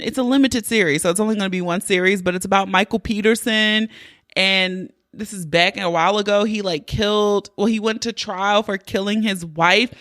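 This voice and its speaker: A woman's voice: mid-range voice, fairly bright tone, dry recording. A woman hosting her own podcast, talking in a playful, chatty and freely profane way into a close mic. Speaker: podcast host. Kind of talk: casual podcast monologue.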